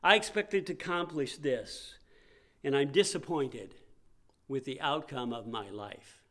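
A man's voice: mid-range voice, a little slow, fairly bright tone. A male pastor preaching a sermon in a conversational way, acting out the voices he quotes.

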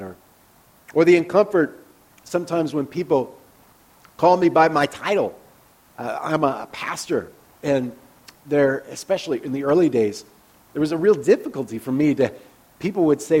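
A man preaching a conversational sermon as a pastor, candid and personal, often dropping into soft, hushed asides. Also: mid-range voice, breathy edge.

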